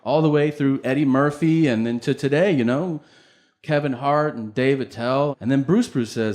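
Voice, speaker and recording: A man performing stand-up comedy, telling stories in a profane, animated way and acting out both sides of each exchange. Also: normal speed. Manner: animated, profane, acts out both sides of dialogues, voice jumping high for disbelief. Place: comedy stage before a laughing audience. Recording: live stage mic with audible noise.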